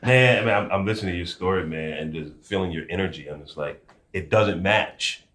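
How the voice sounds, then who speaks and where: A man hosting a podcast, with a lowish voice and a bright, forceful tone. He builds up energy as he talks, growing louder and more animated. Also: fairly quick. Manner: animated, gets loud and excited when reflecting. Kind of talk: casual chat.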